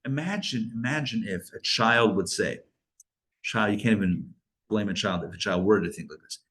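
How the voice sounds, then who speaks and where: A male rabbi teaching a live Kabbalah class, animated, asking rhetorical questions and breaking off his own sentences. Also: fairly low pitch, moderate pace.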